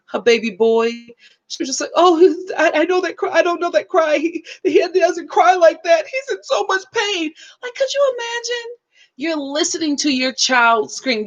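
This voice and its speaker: Animated woman reviewing reality TV. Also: sits high, highs cut off. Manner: animated, preachy, addresses viewers directly. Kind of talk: casual live review chat.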